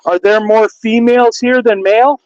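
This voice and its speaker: Ghost hunter, male, high voice, dry close sound, asks spirits the same questions again and again. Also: steady tone, moderate pace, clear, resonant tone, no room sound, muffled recording. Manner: coaxing, repetitive questions. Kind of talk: addressing spirits during a ghost hunt. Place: outdoors under a bridge with traffic overhead.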